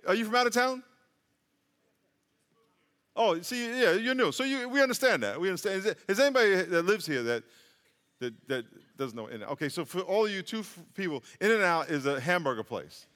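High, bright-voiced joking pastor. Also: male voice, lively intonation, a little fast, in a large hall. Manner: conversational, joking preaching with rising emphasis. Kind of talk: sermon. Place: large church hall.

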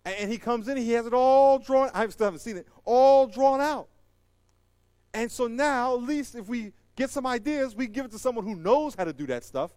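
A middle-aged male pastor preaching a sermon. He swings between loud, high exhortation and hushed closing prayer. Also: moderate pace, clear, resonant tone, no room sound.

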